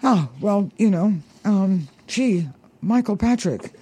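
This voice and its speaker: A man hosting a radio chat, reacting with quick interjections and laughs. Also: sits high, animated, dark tone, breathy edge. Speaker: radio host.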